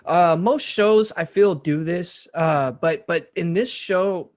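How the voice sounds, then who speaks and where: A man's voice: high-pitched, slow. A young man co-hosting a podcast in casual chat, often stammering, repeating his words and laughing easily. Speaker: podcast co-host.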